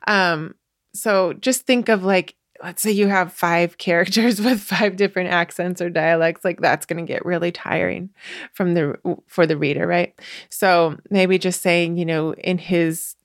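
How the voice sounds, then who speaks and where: A woman with a slightly low voice hosts a podcast and shares writing advice. She talks casually, with lots of fillers and self-corrections and the odd light laugh. Her voice sits close to the mic in a very dry, dead-sounding recording. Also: fairly even intonation, a little slow, no room sound. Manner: chatty, many fillers and restarts; laughs lightly while explaining.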